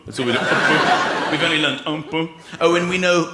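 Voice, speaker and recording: An English man performing a stand-up comedy routine, acting out voices and bursting into excited shouts. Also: fairly high pitch, a little fast, heavy background noise. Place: comedy stage before a live audience. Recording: live stage audio with loud crowd laughter.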